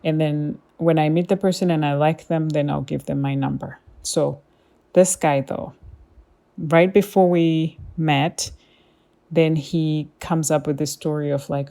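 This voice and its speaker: A woman's voice: low-pitched, fairly even intonation, unhurried, warm tone. A woman hosting a podcast, telling a personal story in a chatty, casual way with lots of fillers. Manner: chatty, with many fillers and quoted asides. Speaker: podcast host.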